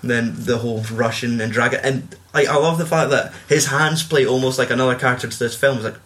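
A man in casual chat, swearing freely and acting out quotes in a louder voice. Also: mid-range voice, fast talker. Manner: swears a lot, acts out quotes in raised voices.

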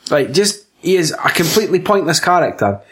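Lively sweary Scottish man. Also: fairly high pitch, fairly quick. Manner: crude, sweary, jokey banter. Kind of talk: casual film chat.

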